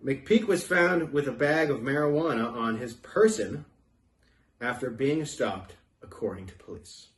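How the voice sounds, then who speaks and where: A male host reading aloud in a comic show, dropping deadpan asides. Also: mid-range voice, unhurried, distant mic. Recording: roomy echo.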